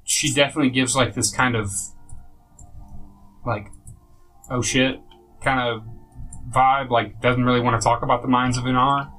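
A man narrating a tabletop game as game master, relaxed and halting with fillers. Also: mid-range voice, soft background music, poor audio.

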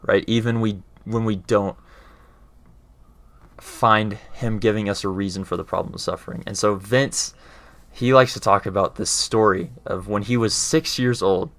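Male speaker with a fairly low voice, earnest and conversational, explains ideas and often pauses to check in with his listener. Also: fairly even intonation, gravelly, a bit bright. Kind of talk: casual explanatory talk.

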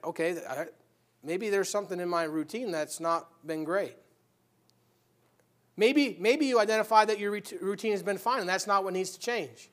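A man preaching a sermon, swinging from quiet, measured explanation to loud, urgent exhortation. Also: high voice. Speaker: pastor.

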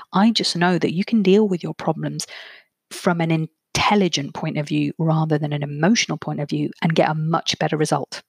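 Low husky woman podcaster. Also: no echo, studio quality. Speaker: therapist and podcast host. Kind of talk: solo podcast talk.

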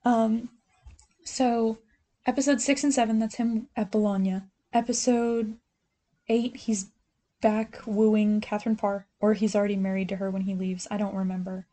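A woman's voice: mid-range voice, little pitch movement, normal speed, dark tone. A young woman co-hosting a podcast, chatting casually and animatedly about a TV series, often laughing. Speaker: podcast co-host. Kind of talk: casual chat recapping a TV show.

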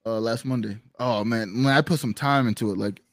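A man's voice: medium pitch, brisk, no echo, studio quality. A man co-hosting a live stream, telling stories in casual chat with lots of fillers. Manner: rambling, filler-heavy storytelling. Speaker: co-host.

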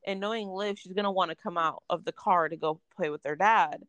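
A woman's voice: on the low side, fairly quick, a bit bright, dry recording. A young woman telling a story in casual chat, venting with lots of filler words and swearing.

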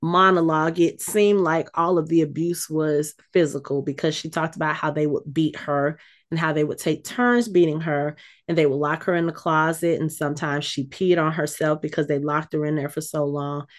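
A woman co-hosting a casual chat, retelling a scene with lively, acted-out quotes. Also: sits low, moderate pace. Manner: animated storytelling, acts out quotes. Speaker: podcast co-host recapping a TV episode.

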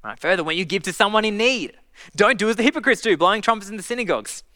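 A man's voice: high-pitched, lively intonation, fast, sharp tone, no room sound. A man preaching a sermon in an earnest, conversational way, often restarting his phrases. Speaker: pastor.

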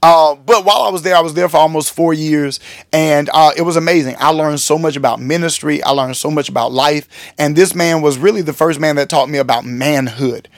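Man, pastor, podcast monologue, fairly high voice, dry close sound, acts out quotes. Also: brisk, no room sound. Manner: animated storytelling, acts out quotes, addresses listeners as y'all.

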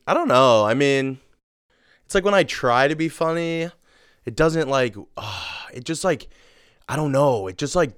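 A man's voice: medium pitch, fairly bright tone, smooth, dry recording, studio quality. A young man co-hosting a podcast in casual chat, sarcastic and joking, laughing often. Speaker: podcast co-host.

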